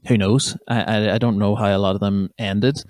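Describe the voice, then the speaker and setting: Hosting a comedy podcast, a young County Armagh man with a Northern Irish accent chats in a rambling, sweary way, often interrupting himself. His lowish, darkish voice stays steady at a moderate pace. The recording is dry and studio quality.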